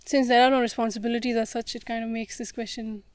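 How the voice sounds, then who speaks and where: Soft, flat-toned female interviewer. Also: a little high, quick pace, no room sound. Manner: soft, hesitant, with fillers. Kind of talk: conversational interview question.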